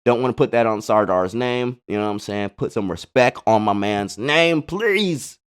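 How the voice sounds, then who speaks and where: Male host, relaxed slangy game commentary, smooth low-set voice. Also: normal speed. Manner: laid-back, slangy, chatty asides. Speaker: gaming channel host. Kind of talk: casual card-game replay commentary.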